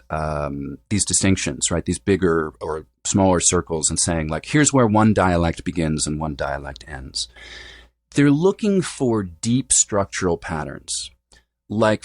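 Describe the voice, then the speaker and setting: A man's voice: low voice, no echo. A man who is a dialect coach, answering interview questions in a fluent, lecturing way, often adding "you know" and "right?". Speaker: accent expert and dialect coach, guest.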